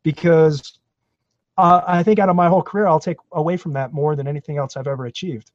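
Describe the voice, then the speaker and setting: A man from Florida telling his career story in a podcast interview, animated and self-deprecating. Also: on the high side, fast, dry recording, highs cut off. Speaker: guest, actor.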